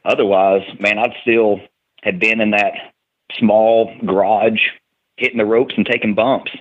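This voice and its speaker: Southern man with a Tennessee accent, low-pitched, chatty and laughing, tinny phone-line audio. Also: fairly even intonation, unhurried. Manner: laughing, rambling with restarts. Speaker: wrestler guest. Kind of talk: casual storytelling chat.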